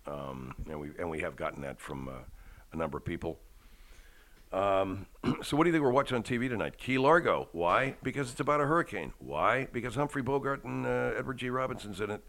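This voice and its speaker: A man's voice: lowish voice, fairly quick, a bit bright. A man hosting a podcast, rambling casually with profane, self-deprecating humor at home. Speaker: podcast host. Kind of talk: casual chat.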